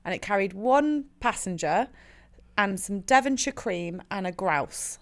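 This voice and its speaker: A woman co-hosting a podcast in casual chat, blunt, sweary and quick to giggle. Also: mid-range voice, animated. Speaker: podcast co-host.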